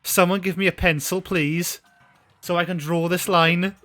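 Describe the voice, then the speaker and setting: A man's voice: high-pitched, fairly even intonation, measured pace, sharp tone, soft background music, voice pushed up. A male streamer voicing a stern, powerful martial-artist woman who speaks in firm, protective, menacing lines.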